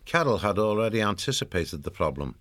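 A man reading a children's fantasy novel aloud as the narrator, in an even storytelling delivery. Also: on the low side, fairly quick. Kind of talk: scripted audiobook narration.

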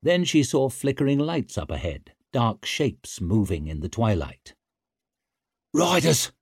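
Lively, expressive male narrator. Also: lowish voice, unhurried, husky, no room sound, studio quality. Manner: expressive, dramatic storytelling. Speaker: audiobook narrator. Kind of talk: scripted narration.

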